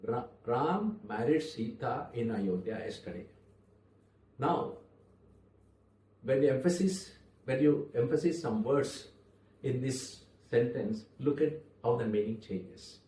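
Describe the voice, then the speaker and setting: A man gives a public speaking lesson in a mellow, dark voice. He talks in measured phrases, pausing on purpose and leaning on key words. He sounds a little far from the mic in an echoey room. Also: mid-range voice, animated. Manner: measured, with deliberate pauses and stressed words. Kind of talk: spoken lesson to camera.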